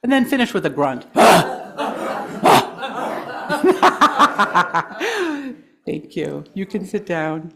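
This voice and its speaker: Gentle woman guiding a breathing exercise. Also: deep voice, expressive, moderate pace, creaky, few pauses, a crowd in the background. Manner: gentle, encouraging, laughs easily. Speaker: guest speaker. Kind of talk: guided breathing exercise in a talk. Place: congregation hall.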